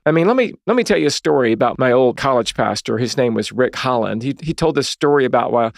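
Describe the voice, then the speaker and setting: A man in his thirties hosts a Christian podcast, teaching young listeners in an earnest, conversational preaching style with a medium-pitched voice. He often asks "right?" and acts out dialogue in short quoted voices. The studio-quality recording has no room sound.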